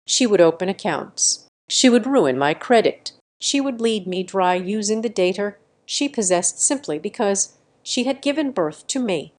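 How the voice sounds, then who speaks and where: A young adult woman giving a scripted first-person story narration in measured, steady, clipped sentences. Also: mid-range voice.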